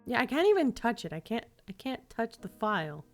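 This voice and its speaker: A woman's voice: on the high side, sing-song, fairly quick, faint music behind. A woman streaming a game, chatting casually and jokily while thinking aloud. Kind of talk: casual live-stream gameplay chat.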